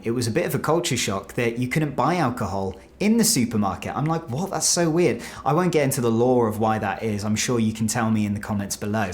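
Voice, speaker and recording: A British man talking casually to camera, explaining words in a chatty, animated way with quick asides. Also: mid-range voice. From United Kingdom. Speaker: video creator explaining slang.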